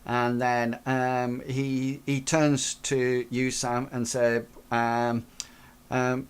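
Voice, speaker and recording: A man narrating as game master of a tabletop role-playing game, talking hesitantly with many pauses and restarts. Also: mid-range voice, completely flat delivery, clean tone.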